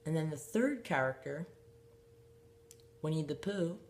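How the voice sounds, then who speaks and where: A man's voice: a little high, expressive, measured pace. A man hosting his own show, talking in a rambling way with fillers, restarts and small laughs. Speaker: host. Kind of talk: casual solo show commentary.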